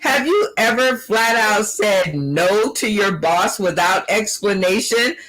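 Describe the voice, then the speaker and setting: A woman's voice: mid-range voice, expressive, slow pace, fairly bright tone, rough recording. A woman hosting an online comedy panel, asking questions with laughing, exclaiming reactions. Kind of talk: quiz-style show hosting.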